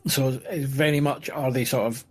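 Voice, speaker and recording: Man, podcast co-host, mid-pitched voice, casual rambling chat. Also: fairly even intonation, moderate pace, breathy edge. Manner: rambling, restarts and searches for words.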